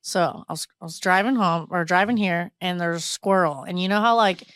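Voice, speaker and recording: A woman co-hosting a podcast, chiming in with quick, laughing remarks in casual chat. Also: fairly low pitch, a bit bright. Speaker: podcast co-host.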